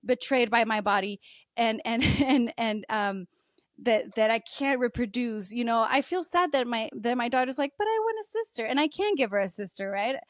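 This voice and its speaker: At a moderate pace, a woman in her thirties gives candid interview talk on a podcast, sharing openly and with emotion. She laughs often and mimics her own thoughts in a higher voice; the studio recording has no room sound.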